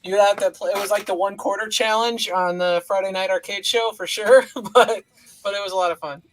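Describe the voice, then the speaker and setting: A man's voice: high-pitched, fairly even intonation, a little fast, a bit bright. A man on a casual panel chat, rambling with lots of fillers.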